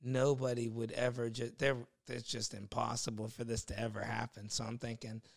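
Gravelly-voiced man telling a wild story. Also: mid-range voice, moderate pace. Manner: animated storyteller, laughs often, acts out voices. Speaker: podcast guest. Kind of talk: casual storytelling.

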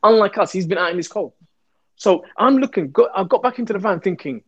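A former police officer tells a story in an interview, his voice high-pitched and brisk. He's animated and acts out the voices of the people he quotes.

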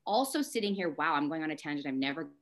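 A woman speaking as a podcast guest, frank and impassioned, talking in rushes and drifting into tangents. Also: sits low, expressive, fairly bright tone. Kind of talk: candid podcast conversation.

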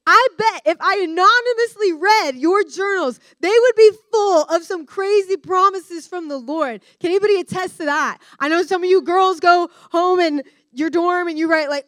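A young adult woman giving a candid, animated personal-story sermon to students as a guest speaker. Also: very high voice, normal speed, few pauses, no echo. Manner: candid, animated storyteller who addresses the room directly. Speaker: guest speaker at a discipleship school.

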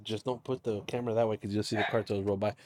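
A man co-hosting a casual podcast, loud, profane and joking, often breaking into mocking quoted voices. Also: lowish voice, steady tone, quick pace, noisy background. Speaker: podcast co-host. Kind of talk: casual chat.

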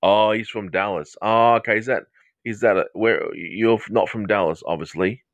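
A man's voice: lowish voice, fairly even intonation, moderate pace, no room sound. A middle-aged man with an English-Australian accent, a psychotherapist chatting playfully and rambling with viewers during a live social media stream. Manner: playful, rambling, jokey asides.

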